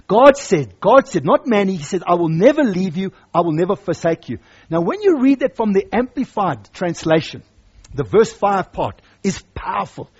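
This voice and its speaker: A male preacher with a high, husky voice delivers a sermon. He is emphatic and circles back to repeat his key lines. The recording sounds dull and lo-fi. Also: sing-song, moderate pace.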